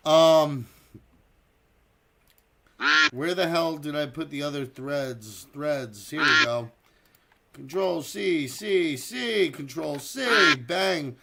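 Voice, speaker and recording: High gravelly streamer cheering a duck race. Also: male voice. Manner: swears freely, excitable, calls out viewers; quacks loudly to cheer races. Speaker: streamer hosting a community server. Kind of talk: casual live-stream chat and duck race commentary.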